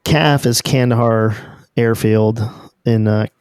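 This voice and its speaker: A man hosting a podcast, chatting in a relaxed, loose way and explaining things to his listeners. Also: mid-range voice, takes it slowly, smooth, no echo, clean studio sound. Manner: relaxed, loose and conversational, with fillers. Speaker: podcast host. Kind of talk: casual chat.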